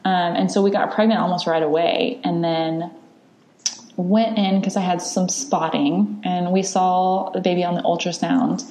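A woman's voice: lowish voice, steady tone, unhurried, warm tone, echoey room, a little hiss or hum. A woman in her thirties, a podcast host, candidly telling a long personal story in casual chat, with lots of fillers and restarts.

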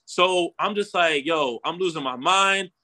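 Animated high-voiced storytelling man. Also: unhurried. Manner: animated, swearing, slangy, repeats "bro" and "right?". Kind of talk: casual storytelling chat.

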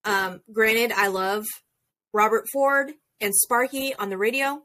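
A woman co-hosting a podcast, chatting in a bubbly, excitable way. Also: a little high, unhurried. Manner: bubbly, exclaims and restarts often. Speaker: podcast co-host. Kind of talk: casual podcast chat.

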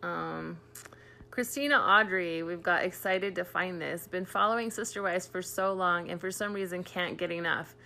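A giggly, bubbly woman from Utah co-hosting a chatty podcast. Her voice is bright and forward, with heavy vocal fry at the ends of phrases. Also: lowish voice, moderate pace, slight background noise. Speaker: podcast co-host. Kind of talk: casual chat.

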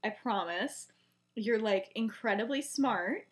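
A woman voicing a calm teenage boy prefect who reassures and takes charge of his friend, close to her own voice. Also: fairly high pitch, takes it slowly. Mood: reassuring. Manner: reassuring, firm.

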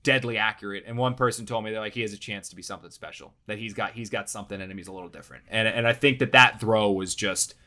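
A young man, a sports reporter, chatting casually on a remote video call, rambling excitably with lots of "like". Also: on the low side, fast, hardly any pauses. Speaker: team beat reporter and panelist. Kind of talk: casual sports talk chat.

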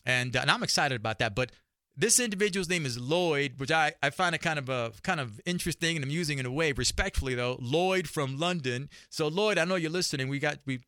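A man with a New York accent hosts his own talk show with punchy energy, repeating phrases for emphasis. His voice is bright and forceful and sits a little above the usual male pitch. The sound is dry and close, with no room behind it. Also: no room sound. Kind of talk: solo podcast monologue.

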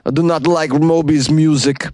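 A gruff, mock-stern Russian grouch, put on by a man with a thick joke accent, pushed higher than his own voice. Every word comes out heavy and deliberate. The sound is dead dry, as if recorded in a closet. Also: steady tone, warm tone, dry recording, close to an everyday voice. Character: gruff Russian man grumbling about music. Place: small closet.

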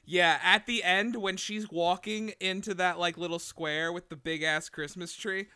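A young man co-hosting a podcast in casual chat, excitable, swearing and laughing often. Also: high-pitched, unhurried, clear, resonant tone. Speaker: podcast co-host.

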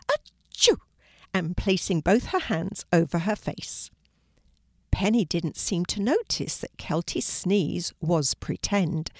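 An older woman gently reading a children's storybook aloud, her voice fairly low and clear. The sound is close and dry, with no room echo.

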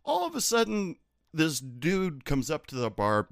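Male bartender-storyteller, lively swinging pitch, dry close mic, profane and sardonic. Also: measured pace, no room sound. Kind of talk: casual storytelling.

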